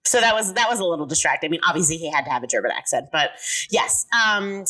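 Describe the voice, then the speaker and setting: A woman co-hosting a casual film review podcast, wry and animated, laughing easily. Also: low-pitched, quick pace, breathy edge. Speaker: podcast co-host.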